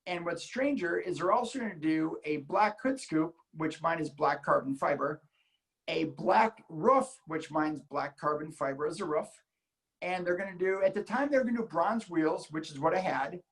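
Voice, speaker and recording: Gravelly-voiced man telling a story. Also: on the high side, normal speed, low-quality recording. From Illinois, United States. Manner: animated storyteller acting out quoted voices. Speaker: guest car enthusiast. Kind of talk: casual storytelling chat.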